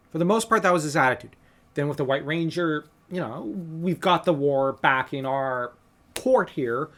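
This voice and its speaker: A man with a slightly raised pitch, talking in a casual, earnest podcast style. He walks through a film scene piece by piece and lays out his fan theories at length. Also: moderate pace, fairly bright tone. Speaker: podcast co-host.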